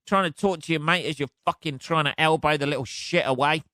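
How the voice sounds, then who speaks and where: A man's voice: on the high side, a little fast, pushed and bright, dry recording, clean studio sound. A man hosting a solo podcast, ranting in a sweary, exasperated way and laughing at himself. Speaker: podcast host. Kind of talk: casual solo rant.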